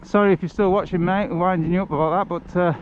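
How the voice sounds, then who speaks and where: A man's voice: high-pitched, fairly even intonation, quick pace. A British man live-streaming as he walks through countryside on a charity walk. He chats loosely with viewers and is slightly out of breath. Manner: chatty, rambling, addresses viewers by name. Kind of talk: casual live-stream chat while walking. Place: outdoors on a country path among rice fields. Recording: dull lo-fi phone audio with outdoor noise.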